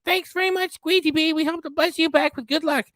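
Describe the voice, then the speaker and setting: Squeaky sing-song lucky cat, as a man puts it on, meowing thanks, high and bright, close and dry sound. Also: fairly even intonation, brisk, no echo. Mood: chirpy. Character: chirpy beckoning lucky cat thanking donors.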